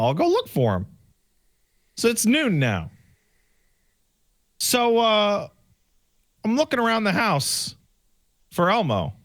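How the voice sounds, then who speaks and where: A man co-hosting a podcast, telling a story in a casual, animated way and acting out the dialogue himself. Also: high-pitched. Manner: animated, acts out quoted dialogue. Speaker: podcast co-host.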